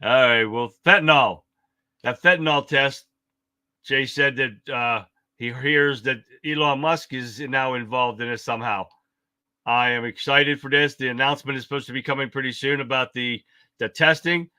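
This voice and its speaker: Fired-up, forceful man hosting a livestream. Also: mid-range voice, normal speed, clear, resonant tone, no echo. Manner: fired-up, swearing, rambling. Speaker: livestream host. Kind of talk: casual political commentary livestream.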